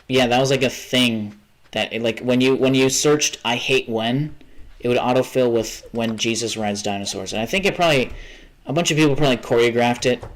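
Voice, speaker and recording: A tired young man rambling and swearing casually while he plays a game on a livestream. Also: medium pitch. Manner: rambling, chatty, swears often, trails off. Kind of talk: casual gaming stream chat.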